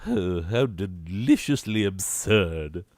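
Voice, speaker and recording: A man's voice: low-pitched, lively intonation, slow, darkish tone, no echo, clean studio sound, full character voice. A man voicing a snooty, prudish old-fashioned lady who lectures about proper manners in a haughty, affected accent. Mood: indignant. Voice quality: haughty, affected upper-class lilt. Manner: scolding and prudish, lecturing the listener. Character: snooty prim old-fashioned lady giving etiquette tips.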